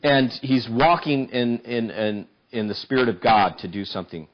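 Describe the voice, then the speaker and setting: Male preacher, mid pitch, animated sermon delivery, dull lo-fi church recording. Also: moderate pace. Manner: animated, voice climbing high when acting out Samson's pleas.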